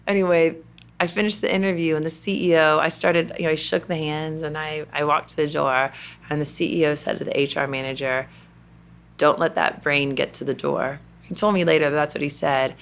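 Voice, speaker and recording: A woman's voice: low voice, fairly even intonation, a little fast, clear, resonant tone. A middle-aged woman from Kentucky with a Southern accent, telling her story in a chatty interview with many fillers. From Kentucky, USA. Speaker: interview guest, company president. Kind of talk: conversational interview.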